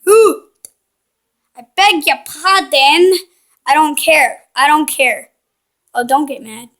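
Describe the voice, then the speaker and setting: Here a gaming channel host chats through a video game in loose let's-play style, poking fun at the on-screen characters with a cheeky, playful streak. Her voice sits high and carries a slightly bright, expressive quality, and she takes her time speaking.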